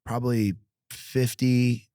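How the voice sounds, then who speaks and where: A man's voice: medium pitch, slow, no echo, studio quality. A man telling stories on a podcast, blunt and profane. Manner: blunt, profane, animated storytelling. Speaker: guest, restaurant founder. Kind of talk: casual podcast interview.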